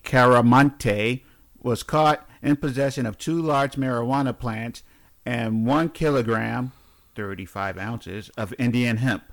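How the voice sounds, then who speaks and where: A man's voice: mid-range voice, a little slow. A man co-hosting a casual podcast, reading odd news stories aloud with blunt, teasing remarks and frequent laughter. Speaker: podcast co-host.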